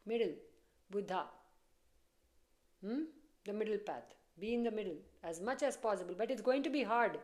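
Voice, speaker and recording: A woman's voice: mid-range voice, normal speed, pauses often, a little mellow. A woman giving a casual tarot reading, chatty and repetitive, often breaking into laughter. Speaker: tarot reader.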